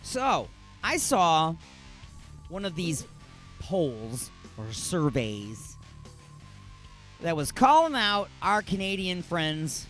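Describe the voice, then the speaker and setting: High, lively ranting radio host man. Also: extremely slow, long pauses, faint music behind. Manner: ranting, keeps firing rhetorical questions; restarts and repeats himself. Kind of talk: comedic talk radio monologue.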